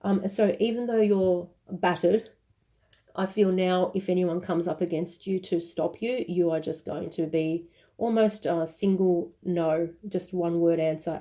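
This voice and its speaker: Woman tarot reader, casual and emotional, low mellow voice. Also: fairly even intonation, measured pace. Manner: intuitive, rambling, with fillers and self-corrections; emphatic and emotional at moments. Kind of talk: casual tarot reading to camera.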